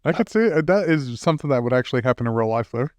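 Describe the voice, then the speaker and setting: A man's voice: medium pitch, expressive, racing, darkish tone, no echo. A man co-hosting a casual podcast, dropping in brief, agreeing remarks. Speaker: podcast co-host. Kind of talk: casual chat.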